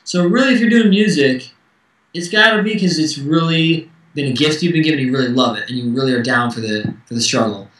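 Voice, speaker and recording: A man's voice: fairly high pitch, brisk, fairly bright tone, roomy sound, distant mic, poor audio. A man in his thirties, a musician guest speaking candidly and acting out quoted dialogue in casual interview chat.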